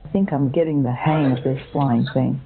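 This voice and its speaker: A woman's voice: a bass voice, fairly even intonation, normal speed, vocal fry, a crowd in the background. A synthetic woman playing a squawking parakeet granny. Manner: sweetly befuddled, breaks into squawks and chirps. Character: dotty old woman who thinks she is a parakeet. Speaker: scam-baiting bot. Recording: tinny phone line.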